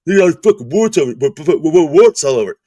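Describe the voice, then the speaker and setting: Male streamer doing a mocking impression: high, excitable, stammering adult man. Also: rapid-fire, dry recording, far from the mic, muffled recording. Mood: taunting.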